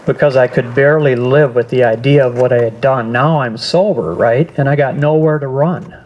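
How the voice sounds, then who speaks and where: A man's voice: medium pitch, a little mellow, dull audio. Earnest older man giving testimony. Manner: halting, earnest, with restarts. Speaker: guest speaker. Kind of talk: personal testimony speech. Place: school assembly.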